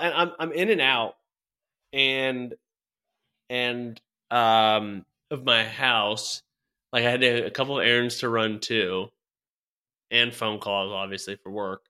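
A man's voice: medium pitch, slow pace, pauses often, pushed and bright, smooth. A young man telling a rambling story in casual chat, full of fillers, restarts and laughs. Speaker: podcast co-host telling a story.

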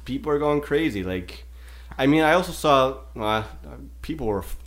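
A man's voice: mid-range voice, lively intonation, moderate pace, fairly bright tone. A man, co-hosting a podcast and telling stories in casual chat, acting out people he overheard. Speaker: podcast co-host.

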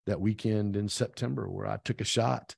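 A middle-aged man recounts a story in a relaxed interview, acting out each bit of quoted dialogue. His voice sits on the low side and sounds close and dry. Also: normal speed, creaky, husky, no room sound. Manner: animated storyteller who acts out quoted dialogue. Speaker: podcast guest, real estate team owner.

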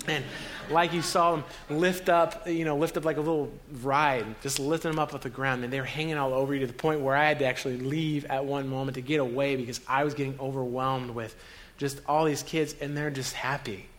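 A man talking in an earnest, emotional way with halting restarts, recounting a trip as host of a conversation. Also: medium pitch, fairly even intonation, fairly bright tone, a little hiss or hum. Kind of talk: casual storytelling conversation.

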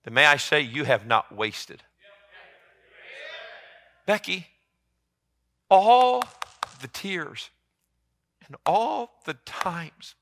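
Male pastor, fervent church sermon, bright, slightly raised voice. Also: sing-song, extremely slow, gravelly, long pauses. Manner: impassioned, rising to loud emphatic peaks then dropping low.

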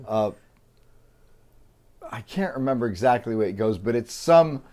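A man's voice: mid-range voice, animated, moderate pace, a little mellow. A man hesitantly telling a joke and chatting casually as a show co-host. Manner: hesitant, trailing off, self-deprecating. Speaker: podcast co-host, musician. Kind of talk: casual chat.

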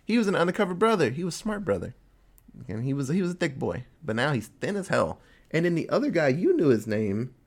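A man casually recapping a TV episode with a co-host, telling it in an animated way and popping into quick voices for the characters. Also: fairly high pitch. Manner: animated storytelling with quick voice switches for quoted characters. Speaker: podcast co-host.

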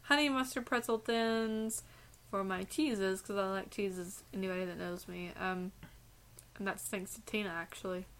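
A woman's voice: mid-range voice, fairly even intonation, moderate pace, fairly bright tone. A woman co-hosting a podcast, rambling through a story in casual chat, laughing and swearing freely. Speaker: podcast co-host.

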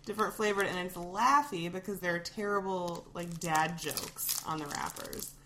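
A woman's voice: lowish voice, moderate pace, sharp tone, a little hiss or hum. A woman co-hosting a podcast from her kitchen in casual chat, wry and giggly with dramatic complaints. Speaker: podcast co-host.

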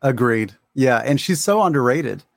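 A man co-hosting a podcast in relaxed, conversational casual chat. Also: medium pitch, moderate pace, vocal fry, no room sound, studio quality. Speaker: podcast co-host.

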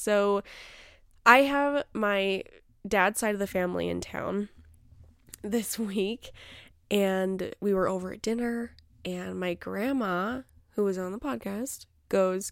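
A woman's voice: medium pitch, slow pace, gravelly, dry recording. A young woman hosting her own podcast, chatting casually in a rambling, self-deprecating way into a close mic. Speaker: podcast host. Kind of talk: casual solo podcast chat.

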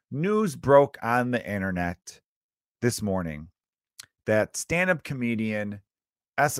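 A man in his thirties runs a solo podcast in a loose, crude, rambling way, often breaking off his own sentences. His voice sits somewhat low. The sound is close and dry, with no room around it. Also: dry recording. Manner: rambling, crude, self-interrupting. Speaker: podcast host. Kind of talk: casual comedic commentary.

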